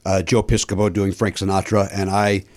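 A man hosting a comedy podcast, telling stories in a quick, profane, joking way. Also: sits low, little pitch movement. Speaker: podcast host. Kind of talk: casual comedy podcast chat.

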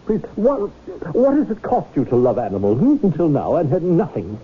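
High, swooping, pompous whale fanatic; old radio-play speech, thin tinny broadcast sound. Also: male voice, huge pitch swings, moderate pace, slightly rough, full character voice. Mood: sanctimonious. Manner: grandiloquent, theatrical, preaching. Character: pompous eccentric man devoted to his whale. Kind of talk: 1970s radio drama acting.

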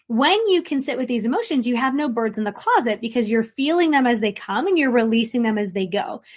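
A woman therapist hosting a podcast, talking in a casual, blunt way, swearing freely and tossing in playful asides. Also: fairly high pitch. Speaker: licensed therapist, podcast host.

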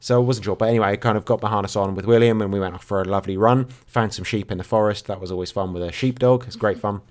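A man co-hosting a podcast, telling a story with dry, deadpan humour in a relaxed, rambling way. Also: on the low side, rapid-fire. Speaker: podcast co-host. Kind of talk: casual chat.

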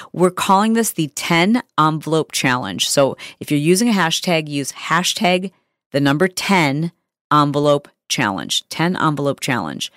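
A middle-aged woman hosting a podcast, telling a story in a chatty, animated way with lots of fillers. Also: low voice, no room sound, clean studio sound. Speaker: podcast host. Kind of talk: casual podcast monologue.

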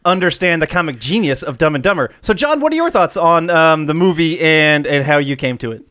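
A man's voice: on the high side, lively intonation, brisk, sharp tone. A man in his thirties co-hosting a podcast, chatting casually through a movie breakdown and laughing often. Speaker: podcast co-host.

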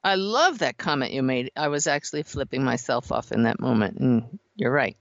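A woman hosting an interview show, expressive and quick to laugh. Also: extremely low pitch, vocal fry, no room sound. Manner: expressive, laughs often, warmly enthusiastic. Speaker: podcast host. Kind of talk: interview conversation. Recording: slightly dull, dry sound.

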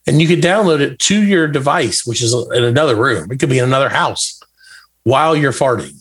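A man's voice: mid-range voice, animated, brisk, fairly bright tone, breathy edge. A man co-hosting a podcast in casual, teasing chat, pushing back and arguing. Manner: teasing, argumentative. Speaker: podcast co-host.

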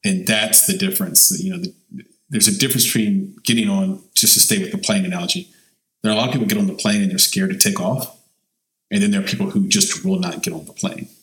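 A man with a fairly low voice co-hosts a casual podcast, leaning hard on certain words and drawing them out. The room around him rings with a noticeable echo. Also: fast talker, fairly bright tone. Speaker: podcast co-host.

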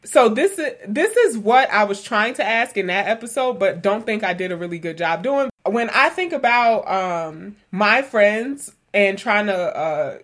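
A woman's voice: medium pitch, animated, measured pace, hardly any pauses, fairly bright tone. Chatty woman podcast host. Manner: chatty, laughs often, lots of fillers. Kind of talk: casual conversational podcast.

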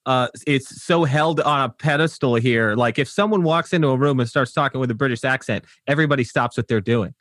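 A man's voice: mid-range voice, fairly bright tone, no room sound. Chatty joking American man, dry sound. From United States. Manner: chatty, joking, quick to laugh. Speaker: podcast host. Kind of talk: casual podcast chat.

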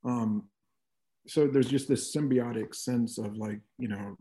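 A man's voice: medium pitch, measured pace, mellow. A middle-aged man talking reflectively as an interview guest, with frequent "you know" asides. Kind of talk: conversational interview.

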